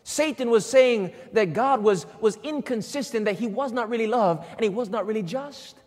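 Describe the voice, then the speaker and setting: A man's voice: high voice, moderate pace, a little mellow. A man preaching a sermon, emphatic and repetitive, often asking the congregation call-and-response questions. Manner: emphatic, repeating key phrases. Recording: long hall reverb.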